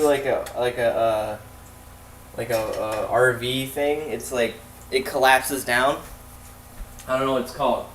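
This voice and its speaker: A man's voice: medium pitch, slight background noise. A young man telling a long, profane story in a loose, rambling way, with frequent laughs and asides, as casual commentary over a game. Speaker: let's play commentator. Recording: echoey room, mic at a distance.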